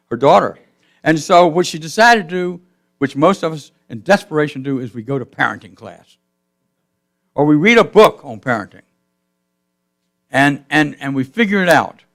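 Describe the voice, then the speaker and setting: A man's voice: fairly high pitch, gravelly. Man preaching a storytelling sermon. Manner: storytelling, voice swelling and dropping to a hush. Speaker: pastor. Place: church sanctuary.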